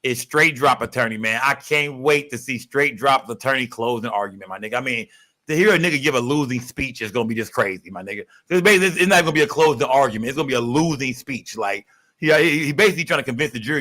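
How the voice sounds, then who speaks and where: A young man hosting a casual livestream, rambling and profane, giving constant shout-outs to his viewers. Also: medium pitch, expressive, fast talker. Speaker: livestream host.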